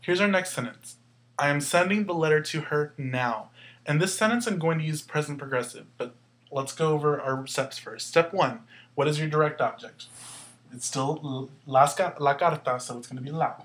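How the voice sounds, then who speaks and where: A man's voice: fairly high pitch, normal speed, fairly bright tone. A man teaching a Spanish grammar lesson, explaining patiently step by step and asking questions as he goes.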